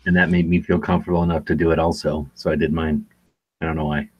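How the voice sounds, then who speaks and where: A man chatting on a podcast, telling animated stories and mimicking people. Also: rumbling low, fast, slightly rough. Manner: animated storyteller, mimics others. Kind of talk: casual chat.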